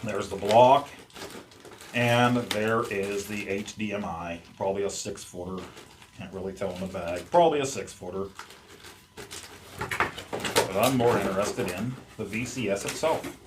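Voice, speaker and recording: A man's voice: lowish voice, steady tone, a little slow, long pauses, slight background noise. A man hosting a casual unboxing vlog at home, chatting in a rambling way as he handles the gear. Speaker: YouTube host. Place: at home among his game collection.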